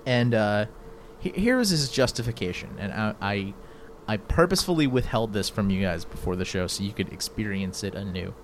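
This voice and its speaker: A man hosting a casual talk show, speaking in an animated, exasperated way that jumps high in pitch when incredulous. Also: brisk, few pauses, a little hiss or hum. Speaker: podcast host. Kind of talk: casual chat.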